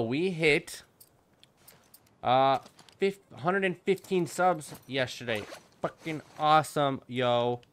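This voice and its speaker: A man hosting his gaming channel, chatting in an upbeat, casual way and swearing freely while he plays. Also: medium pitch. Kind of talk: let's play commentary.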